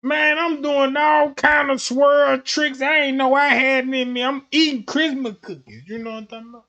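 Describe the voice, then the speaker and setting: A young man livestreaming, telling stories in a casual, slangy, animated way. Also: very high-pitched, moderate pace, lo-fi sound.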